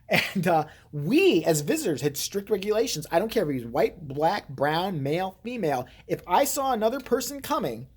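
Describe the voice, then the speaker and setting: A woman's voice: low voice, darkish tone, slightly rough. A woman vlogger giving blunt, heated, profane commentary and telling a story.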